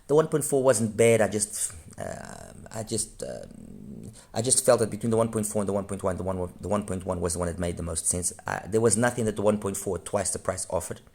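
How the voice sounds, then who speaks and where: A man's voice: sits low, expressive, a little fast, gravelly, a little mellow. A man giving a frank, rambling review of audio gear, often stopping to correct himself mid-sentence. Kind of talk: unscripted review monologue.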